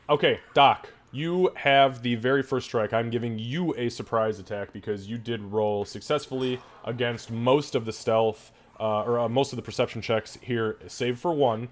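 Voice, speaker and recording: A man running a tabletop game over a voice call, narrating with many fillers and restarts. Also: medium pitch. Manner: halting, lots of fillers and restarts while narrating. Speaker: game master.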